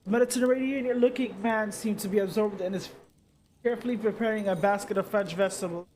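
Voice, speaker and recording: A man reading the narration of a story game aloud, steady, with small slips and restarts. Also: high voice, quick pace, a little hiss or hum. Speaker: streamer.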